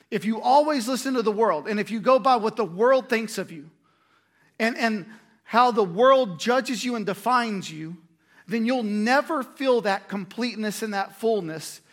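A man preaching a sermon in a conversational way, with quick asides and restarts. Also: high voice. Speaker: pastor.

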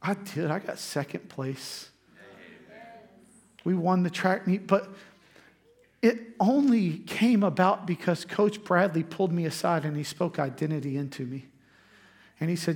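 A man's voice: high voice, moderate pace. A man preaching, telling a personal story in a conversational way before turning to scripture. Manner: conversational storytelling, frequent restarts. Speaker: pastor.

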